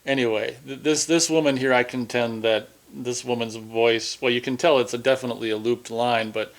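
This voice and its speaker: A man's voice: medium pitch, steady tone, normal speed. A man from Minnesota, giving rambling, chatty commentary over a movie with frequent restarts. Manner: rambling, chatty, self-interrupting. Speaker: film commentator.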